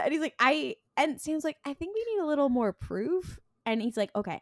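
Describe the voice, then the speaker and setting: A woman's voice: mid-range voice, no echo. Woman podcaster retelling an episode, quotes lines in little voices, dry close mic. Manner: retells scenes with quick bits of quoted dialogue, frequent ums and laughs. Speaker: podcast co-host. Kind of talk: casual recap chat.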